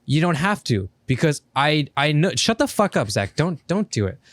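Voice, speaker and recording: A man's voice: a little high, very animated, normal speed, fairly bright tone, no echo. A man co-hosting a casual podcast, pressing his point emphatically and cutting in, with some swearing. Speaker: podcast co-host.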